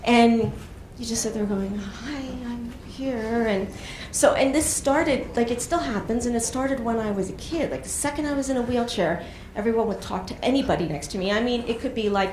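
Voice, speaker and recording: A woman's voice: fairly high pitch, lively intonation, a little fast, hardly any pauses, darkish tone. A woman doing a stand-up comedy set on a club stage, telling stories in a chatty way with lots of fillers. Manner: chatty storytelling with frequent fillers. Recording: echoey club room, faint noise.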